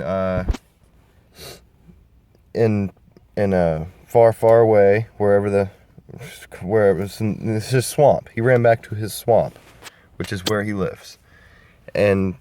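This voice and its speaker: Brief: low-pitched young guy, casual rambling storyteller, crude jokes, phone mic. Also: darkish tone, clean tone. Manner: meandering, restarts, crude humor. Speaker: video creator.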